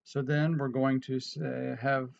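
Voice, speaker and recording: A man with a gravelly voice teaches a casual programming tutorial. He thinks aloud as he goes, with restarts and fillers. The sound is dull and lo-fi, with faint keyboard clicks behind him. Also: medium pitch, little pitch movement, measured pace, slight background noise. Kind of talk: casual screen-recorded coding tutorial.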